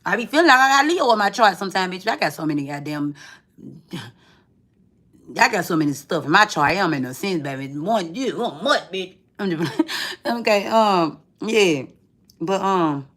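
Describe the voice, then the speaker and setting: A woman's voice: mid-range voice, fairly bright tone. A woman giving a tarot reading in casual, chatty talk, swearing freely and calling the viewer friend. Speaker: tarot reader.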